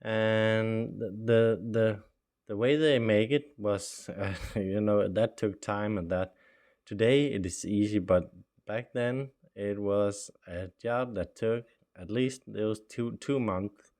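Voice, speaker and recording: Slow and darkish in tone, with a fairly low pitch, a middle-aged man whose first language is Norwegian shares his life story. He's chatty, dropping in frequent fillers and little laughs, and he acts out what people said.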